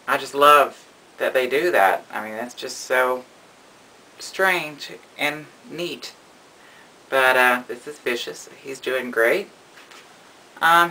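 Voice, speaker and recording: A man's voice: medium pitch, bright, forceful tone, low-quality recording. A man narrating a casual vlog about his pet reptiles, rambling and affectionate, cooing at his animals. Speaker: reptile keeper.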